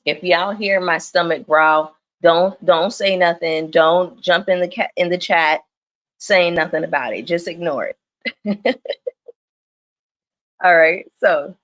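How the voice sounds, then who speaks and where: A young woman giving casual, animated livestream commentary on a reality show, laughing often. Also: fairly low pitch, slow pace, long pauses. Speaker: reality TV recap streamer.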